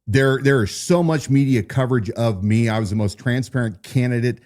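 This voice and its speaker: A man's voice: mid-range voice, fairly quick, darkish tone. A man hosting a political talk show, commenting in an indignant, emphatic way.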